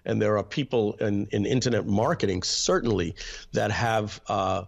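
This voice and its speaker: A man being interviewed, reflectively telling family stories about his upbringing and often clearing his throat. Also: on the low side, normal speed. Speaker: interview guest, internet marketer. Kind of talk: personal storytelling in an interview.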